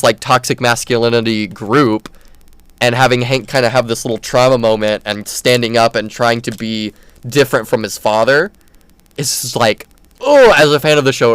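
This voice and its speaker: An enthusiastic man talks casually as a podcast host, rambling with lots of fillers and restarts. His voice is smooth and resonant, at a middle pitch, and the recording is dry and close. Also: a bit bright, no room sound. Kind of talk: casual chat.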